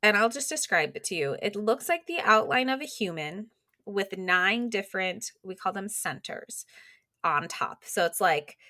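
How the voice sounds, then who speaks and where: A woman guest on a podcast, a business coach, explaining in casual, animated talk full of "like" fillers. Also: mid-range voice, normal speed, dry recording, studio quality. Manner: animated, quotes imagined inner voices, many "like" fillers.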